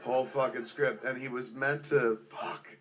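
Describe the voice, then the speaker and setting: A man in his forties talks loosely and from the heart, peppering nearly every sentence with profanity. His voice sits at an ordinary middle pitch, and he rambles through fillers as he goes. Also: steady tone, moderate pace, fairly bright tone. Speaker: filmmaker remembering a friend. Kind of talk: casual spoken tribute.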